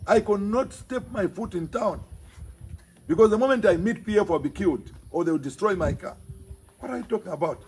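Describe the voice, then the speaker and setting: A man's voice: high-pitched, lively intonation, brisk, a little mellow, breathy edge. A man with a Zambian accent, a provincial party chairman, speaking emphatically and scolding his rivals, often repeating his phrases for force. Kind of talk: impassioned political speech to the press.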